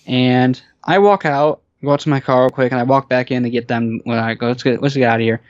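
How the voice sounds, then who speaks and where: A man's voice: mid-range voice, steady tone, brisk, dry recording, lo-fi sound. A man telling stories as a podcast guest, casual and rambling, with lots of fillers and restarts. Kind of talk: casual storytelling.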